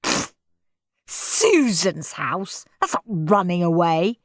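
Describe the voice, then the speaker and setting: A woman's voice: fairly low pitch, big pitch swings, slow pace, no room sound, studio quality, exaggerated voice. A woman voicing a bratty, scheming schoolboy who talks fiercely and cheekily. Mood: defiant.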